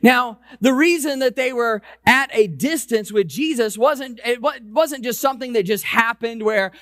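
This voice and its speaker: A man with a high voice preaches a conversational sermon in a church. He stretches out and lowers key phrases for weight. The sound is dry and close, with little room echo. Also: a bit bright. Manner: slows and lowers voice for emphasis; conversational preaching with repeated restarts. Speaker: pastor. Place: church sanctuary.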